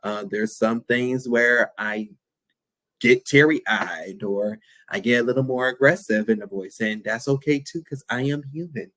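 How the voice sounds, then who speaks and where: A man's voice: medium pitch, measured pace, fairly bright tone, dry recording. A young man hosting his own podcast, talking candidly and playfully in a reflective, affirming solo talk. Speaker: podcast host.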